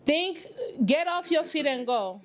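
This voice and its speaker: Brief: high-voiced woman host, sassy and emphatic, slangy casual commentary. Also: expressive, a little slow, a crowd in the background. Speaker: reaction channel host.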